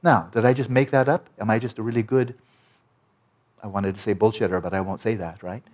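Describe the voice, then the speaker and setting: A man's voice: lowish voice, fairly even intonation, brisk, darkish tone. A man teaching about meditation in an emphatic, explanatory lecture style, often checking in with "right?".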